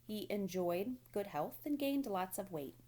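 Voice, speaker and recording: A woman reading a children's novel aloud in a gentle, even storytelling manner. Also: medium pitch, a little slow. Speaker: storybook reader.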